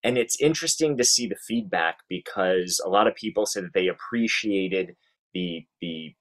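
Lower-voiced man hosting a reflective chat. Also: fairly bright tone, low-quality recording. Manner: reflective, measured, steers the talk. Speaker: podcast host. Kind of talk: casual chat.

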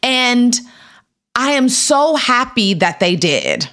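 Animated woman telling her story. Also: fairly high pitch, slow pace. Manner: animated, acts out quotes in raised voices. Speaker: podcast guest, actress. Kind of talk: casual storytelling interview.

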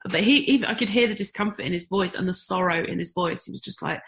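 A woman's voice: lowish voice, fast talker, fairly bright tone. A middle-aged woman from the UK, talking candidly as an interview guest, with self-deprecating humor. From United Kingdom. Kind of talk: conversational interview.

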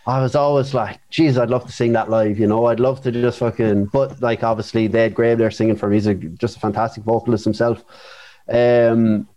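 A man's voice: mid-range voice, fairly even intonation, brisk, mellow, poor audio. A man with an Irish accent, a guest vocalist in a casual chat, talking in a rambling, hesitant way with fillers and swearing.

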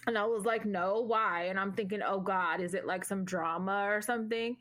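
A woman's voice: medium pitch, fairly even intonation, normal speed, a bit bright. A young adult woman co-hosting a podcast, telling a story in casual chat, swearing freely and laughing along. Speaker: podcast co-host.

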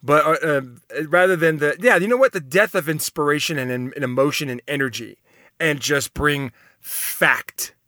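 A man with a bright, somewhat high voice talks in a rambling, enthusiastic way, reacting out loud to personality test results. He laughs easily and keeps the tone casual. The recording is dry and close, with no room sound. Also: normal speed, no echo.

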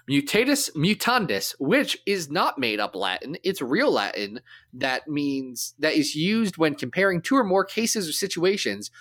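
A man co-hosting a comic book podcast, chatting casually and explaining things with quick asides. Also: a little high, a bit bright. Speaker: podcast co-host. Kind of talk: casual chat.

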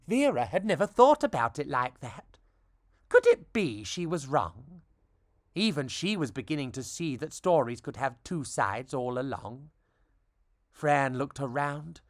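Podcast reader doing a rhyming kids story, slow, dry close mic. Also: mid-range voice, sing-song, dry recording.

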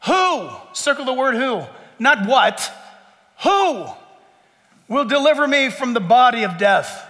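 A male pastor delivers a sermon in a large church hall, his voice unusually high and sharply bright. He swings between emphatic near-shouts and low, hushed asides. A long reverb trails behind every phrase. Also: animated, slow.

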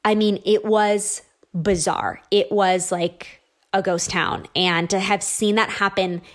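A woman in her thirties tells a story in a loose, conversational way. She jumps between thoughts, fills pauses with "um" and "like", and acts out the little exchanges. Her voice sits at an ordinary middle pitch. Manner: chatty, animated, lots of likes and ums. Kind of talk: casual storytelling monologue.

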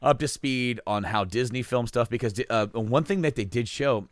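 A man's voice: medium pitch, moderate pace, no echo, clean studio sound. A man co-hosting a casual chat, rambling with many restarts and casual swearing.

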